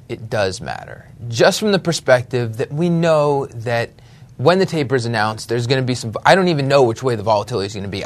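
A man co-hosting a casual finance podcast. He banters easily and jumps between jokes and market talk, restarting his sentences as he goes. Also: medium pitch. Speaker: podcast co-host. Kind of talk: casual chat.

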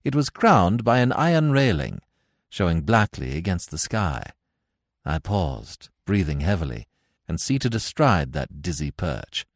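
A man giving scripted narration of a classic tale in a measured, expressive way. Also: low voice, dry recording, studio quality. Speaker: audiobook narrator.

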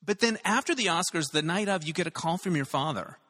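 A man hosting a conversational interview over a video call, chatty and quick to react to his guest. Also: high-pitched, lively intonation, sharp tone. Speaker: podcast host.

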